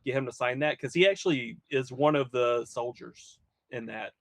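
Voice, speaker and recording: A man's voice: mid-range voice, a bit bright, no echo. Chuckling man in casual chat. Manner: halting, restarts, chuckling. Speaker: podcast co-host.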